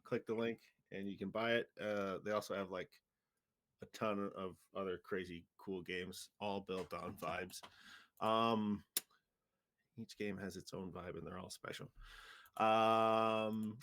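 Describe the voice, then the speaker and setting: A man acting as game master, opening a tabletop game show in a relaxed way with lots of small fillers and chuckles. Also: deep voice, takes it slowly. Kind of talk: casual show introduction.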